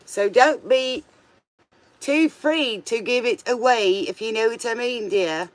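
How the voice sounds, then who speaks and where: A man's voice: very high-pitched, slow pace, no room sound. A man doing a casual tarot reading, chatty and playful, with joking asides. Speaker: tarot reader.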